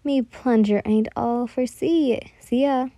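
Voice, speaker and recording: A woman voicing a relaxed, chuckling one-armed young pirate man while reading a story aloud. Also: fairly high pitch, moderate pace, gravelly, dry recording.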